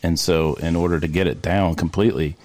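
A man, a podcast guest, telling an animated story in casual chat and laughing often. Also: deep voice, fairly quick, no echo, clean studio sound.

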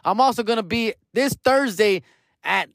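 Young comic, slightly high voice, slangy and profane, code-switching, dry room. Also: lively intonation, moderate pace, creaky, a bit bright, dry recording. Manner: profane slangy street talk with Spanish words. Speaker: comedian telling a story. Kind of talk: casual storytelling.

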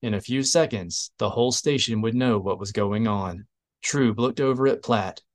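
A man with a medium-pitched voice narrates an audiobook. His scripted reading is steady and even.

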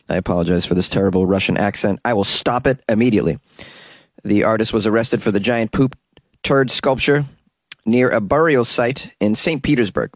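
A man's voice: lowish voice, fairly quick, no echo. A man hosting a comedic weird-news podcast from a small closet, reading stories and drifting into rambling, self-mocking asides. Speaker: podcast host.

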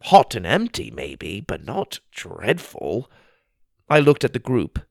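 A man reading a first-person adventure story aloud with a dramatic, expressive delivery. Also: lowish voice, slow pace, gravelly, dry recording. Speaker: narrator.

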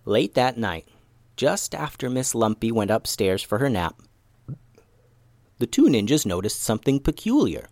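Animated man telling a kids' story. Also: mid-range voice, unhurried, long pauses, dry recording. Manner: animated, expressive reading. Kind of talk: children's story narration.

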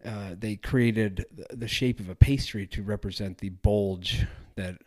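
Guy doing a solo travel podcast, lowish voice, rambles and corrects himself a lot. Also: steady tone, measured pace, darkish tone. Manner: rambling, self-correcting, chatty. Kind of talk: casual solo podcast talk.

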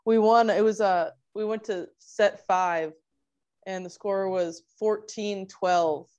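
A woman's voice: mid-range voice, steady tone, takes it slowly, a little mellow. A young woman from Minnesota in casual chat, telling stories in close detail. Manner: storytelling, detailed. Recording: dull lo-fi sound.

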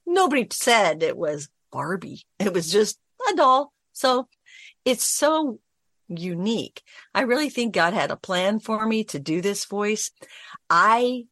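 A woman's voice: low voice, a bit bright, dry recording, clean studio sound. A middle-aged woman, a voice actress, telling an anecdote in an interview, acting out the lines she quotes. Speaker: voice actress, guest. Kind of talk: storytelling interview.

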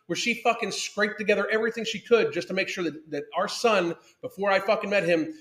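A man's voice: high voice, fairly quick, fairly bright tone, reverberant. Profane, angry man ranting on a podcast. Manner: swears constantly, angry and emphatic, reads chat comments aloud. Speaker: podcast host reacting to a video and live chat. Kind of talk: profane live-stream rant.

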